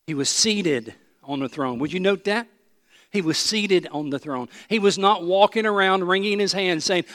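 A male pastor preaching a sermon, swinging from loud proclamation to soft, intimate asides. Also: sits high, moderate pace, big-room sound.

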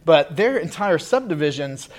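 A man preaching a relaxed, conversational sermon, chatty and full of fillers and restarts. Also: fairly high pitch, normal speed. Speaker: pastor.

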